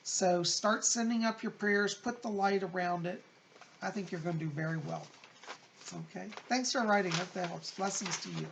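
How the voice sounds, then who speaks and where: A man working as a psychic medium, reading viewer letters aloud and passing on spirit messages in a gentle, consoling, chatty way. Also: sits high, normal speed, vocal fry, a little hiss or hum. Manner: gentle, consoling, chatty, calls listeners "hon".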